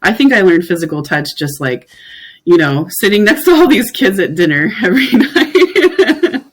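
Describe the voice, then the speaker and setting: A candid speaker on a podcast, thinking out loud and circling back with lots of "like" and "you know". The pitch sits in an ordinary middle range. The talk stays reflective and unhurried in a casual chat. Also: big pitch swings, poor audio. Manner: reflective, candid, filler-heavy with frequent "like".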